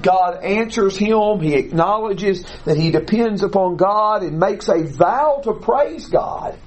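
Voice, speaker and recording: A man teaching a classroom Bible lesson, explaining deliberately and putting questions to the class. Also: high-pitched, lively intonation, a little mellow, low-quality recording.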